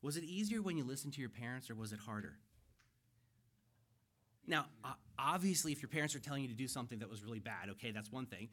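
A man's voice: medium pitch, lively intonation, quick pace, a bit bright. A middle-aged man preaching a sermon to his church, earnest and conversational, building emphasis as he explains scripture. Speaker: pastor. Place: church sanctuary.

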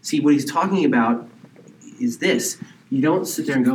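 A man's voice: medium pitch, normal speed, far from the mic, slight background noise. Man preaching in an echoey church. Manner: conversational preaching with rhetorical questions and mocking impressions. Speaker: pastor. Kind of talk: sermon. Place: church sanctuary.

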